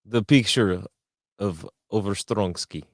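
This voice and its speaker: A man co-hosting a podcast in casual joking banter, teasing his partner and cutting in with quick jokes. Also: on the low side, dry recording, studio quality. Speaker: podcast co-host.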